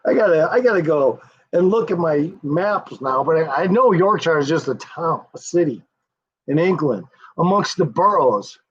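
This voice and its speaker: An American man from the United States hosts a casual livestream, rambling, swearing and chuckling often as he talks to his viewers. His voice sits on the high side, animated and breathy, at a moderate pace. The stream audio is dull and lo-fi.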